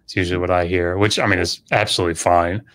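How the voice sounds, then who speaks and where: A man, a scholar being interviewed, explaining things at length in a measured way with frequent fillers. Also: sits low, level tone, a bit bright. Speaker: scholar guest. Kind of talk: casual expert explanation.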